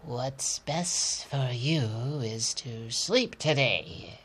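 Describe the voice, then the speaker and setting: A tired, gentle woman doctor from a storybook, as a male reader puts her on, speaks in a hushed, husky voice. She talks slowly and hesitantly, halting on ums. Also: fairly high pitch, pitched above the performer's own voice, full character voice. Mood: soft weary. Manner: soft, hesitant, lots of ums. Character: weary, kind woman doctor.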